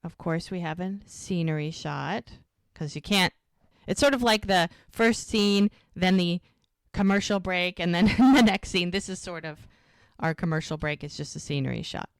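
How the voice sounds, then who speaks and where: A woman co-hosting a TV rewatch podcast, retelling scenes in a lively, chatty way and acting out the characters' lines. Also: fairly low pitch, normal speed, clean tone, dry recording. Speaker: podcast co-host. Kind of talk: casual rewatch podcast recap.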